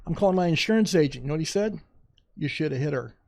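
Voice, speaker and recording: A middle-aged man with a gravelly, creaky voice pitched a little high for a man. He tells a story in casual podcast chat, dramatic and animated, acting out what people said along the way. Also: fast. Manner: animated, dramatic retelling with quoted asides. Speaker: podcast guest.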